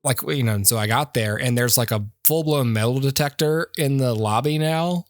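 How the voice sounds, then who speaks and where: A man's voice: medium pitch, normal speed, no room sound, clean studio sound. A man, a podcast co-host, in casual chat, rambling through a story with restarts and frequent laughter.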